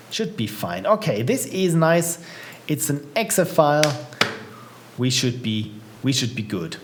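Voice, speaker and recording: A man's voice: medium pitch, slight background noise. A man casually commenting while live-streaming and trying out indie games, chatty and upbeat, reacting aloud to what he sees. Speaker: streamer playing viewers' games.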